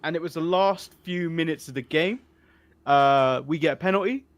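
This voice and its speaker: An English man in his thirties, a podcast co-host chatting casually and telling animated stories, laughing often. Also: a little high, moderate pace. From England. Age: 30s. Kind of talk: casual chat.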